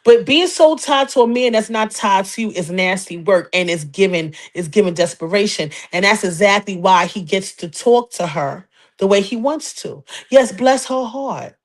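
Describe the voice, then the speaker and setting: A woman's voice: medium pitch, lively intonation, moderate pace. A woman hosting a call-in gossip podcast, talking in a sassy, emphatic way and repeating her points. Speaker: podcast host. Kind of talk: casual gossip talk show.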